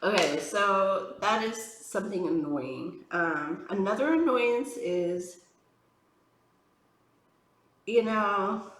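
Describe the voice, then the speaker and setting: A woman's voice: medium pitch, expressive, slow pace, pauses often, fairly bright tone, reverberant, poor audio. A woman tarot reader chatting casually on a vlog, rambling with lots of fillers, frank and exasperated as she talks. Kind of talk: casual chatty vlog while doing makeup.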